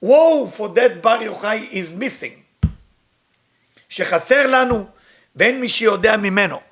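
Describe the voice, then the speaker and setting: Fast-talking man teaching. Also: high-pitched, animated, a bit bright. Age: middle-aged. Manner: reads Hebrew text quickly, then retells it in English. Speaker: Kabbalah teacher. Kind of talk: storytelling lesson with translation.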